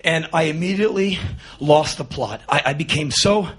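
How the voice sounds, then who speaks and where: A man telling a comic spoken-word story in an animated, self-mocking, deadpan way. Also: a little high, moderate pace, husky.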